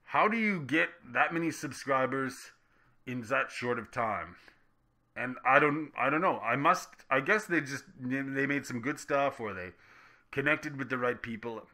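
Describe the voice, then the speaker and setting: A man hosting a casual gaming vlog Q&A, rambling and joking with self-deprecating asides, his delivery swinging between loud and soft. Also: medium pitch, animated, a little slow. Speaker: gaming YouTuber answering viewer questions.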